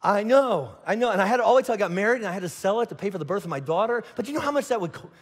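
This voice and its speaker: A man's voice: sits high, lively intonation, rapid-fire, breathy edge. A middle-aged man from Indiana preaching a sermon as pastor, telling stories with acted-out voices and frequent restarts. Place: large church auditorium. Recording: long hall reverb.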